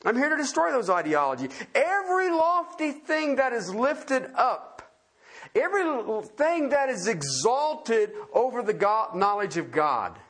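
Man, preacher, sermon, folksy and emphatic, lively swooping pitch, husky tone. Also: unhurried. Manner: folksy, emphatic, rhetorical questions.

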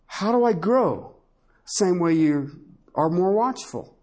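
A male pastor preaching a sermon with animated delivery, swinging between low asides and high emphatic bursts and laughing often. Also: takes it slowly.

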